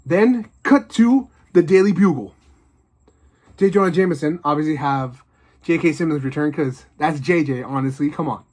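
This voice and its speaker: A man casually rambling through his own movie ideas, excited and loose with lots of fillers. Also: a little high, moderate pace. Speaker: video host.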